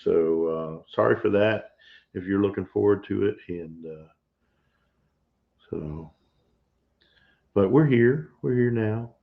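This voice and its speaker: Husband co-hosting a live stream; gravelly, playful, muffled lo-fi audio. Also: male voice, on the low side, slow pace, pauses often. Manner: chatty, laughs often, playful teasing. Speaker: co-host of a homestead live stream. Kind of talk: casual chat.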